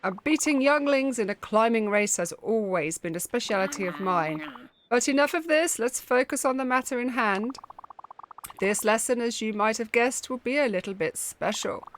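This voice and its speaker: A woman voicing an old female snake who calmly teaches meditation in a measured, instructive way. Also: on the high side, slight background noise. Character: old female snake, calm wise mentor.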